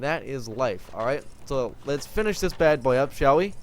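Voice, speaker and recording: A man's voice: mid-range voice, fairly quick, hardly any pauses, slight background noise. A man giving casual, joking commentary while he plays a prison-building game and talks to himself.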